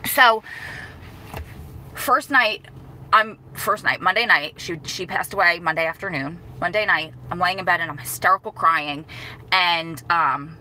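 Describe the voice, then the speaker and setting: Bright-voiced grieving woman vlogger. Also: fairly low pitch, a little slow, slight background noise, rough recording. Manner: rambling and apologetic, many restarts. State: emotional, holding back tears. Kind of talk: casual talk to camera.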